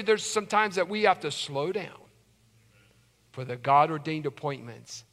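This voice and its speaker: A man pastor preaching a sermon in a church sanctuary, impassioned, swinging from loud urgency to hushed pleading. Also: fairly high pitch, animated, a little slow. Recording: long hall reverb.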